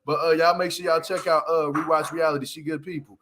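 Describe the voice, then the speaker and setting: A man giving a casual, slangy recap of a reality show, with animated delivery and laughing asides. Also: on the high side, brisk, slight background noise.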